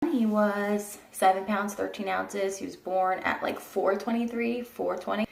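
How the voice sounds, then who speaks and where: A young woman vlogger casually telling a story to camera, animated and blunt, acting out the quotes and swearing now and then. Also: medium pitch, a little slow, gravelly. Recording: echoey room, voice a bit far from the mic.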